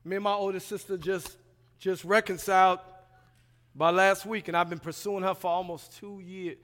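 A man in his thirties preaching a sermon as a pastoral resident, swinging between loud emphatic passages and quiet asides, colloquial and acting out dialogue. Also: high-pitched, level tone, normal speed. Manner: colloquial, plays out dialogue in voices. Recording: long hall reverb.

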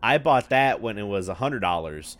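Casual podcast co-host, male, lively swinging delivery, bright tone, loose and profane, on a headset mic. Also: fairly low pitch, moderate pace. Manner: loose and profane, laughs often. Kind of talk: casual chat. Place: office. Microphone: wireless headset.

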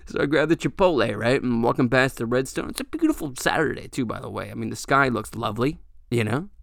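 Young male podcast host, gravelly voice, rambling profane storytelling, dry close sound. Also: mid-range voice, dry recording. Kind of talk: storytelling monologue.

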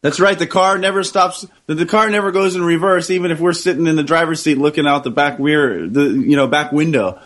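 A man co-hosting a friendly talk show, upbeat and affirming. His voice sits a little high, and he reads listener letters and quotes in a relaxed, chatty way. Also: fairly quick, few pauses. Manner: upbeat, affirming, tells jokes. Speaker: podcast co-host. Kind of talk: casual chat, reading listener mail.

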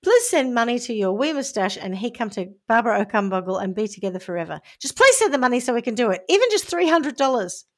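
A woman's voice: a little high, sing-song, fast, few pauses. A woman voicing a pushy male romance scammer who wheedles in broken English. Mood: wheedling.

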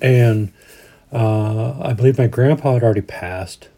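A gravelly, dark-toned man's voice of medium pitch moves at a measured pace. He's a podcast host in his forties from Colorado, USA, rambling through casual chat in a folksy manner with plenty of restarts.

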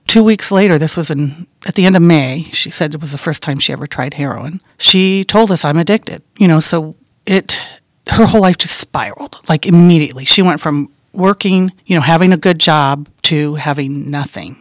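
Middle-aged woman, interview guest, soft halting delivery, voice trails off quietly, dry close-miked sound. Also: low-pitched, dry recording. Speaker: guest, bereaved mother. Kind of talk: emotional interview storytelling.

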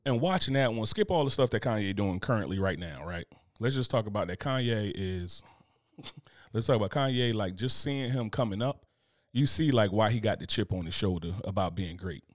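A man with a lowish, expressive voice talks at a normal speed, recorded dry with clean studio sound. He's co-hosting a podcast, chatting casually and telling stories in a laid-back, slangy way.

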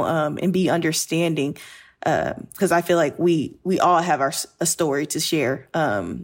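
A woman recruiter talking candidly and reflectively in a casual podcast conversation, with many fillers. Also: sits low.

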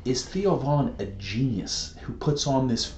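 A man co-hosting a casual podcast chat, rambling and animated, laughing easily as he tells stories. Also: medium pitch, measured pace, roomy sound, slight background noise. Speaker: podcast co-host.

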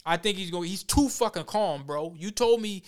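Male host, high and resonant, blunt, animated storyteller. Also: moderate pace. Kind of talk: casual talk show chat.

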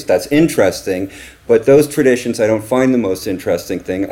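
An American man with a fairly low voice talks through ideas in a measured, reflective way. He is the guest on an interview podcast and explains things with an occasional filler um. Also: warm tone. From United States, raised in Paris from age twelve. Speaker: guest, marketing company chief executive. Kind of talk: conversational interview.

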